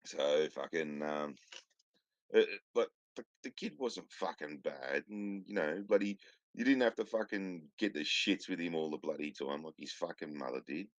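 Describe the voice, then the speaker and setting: A man's voice: very deep voice, moderate pace, dry recording. A man co-hosting a podcast, telling stories in a rambling, profane casual chat. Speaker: podcast co-host.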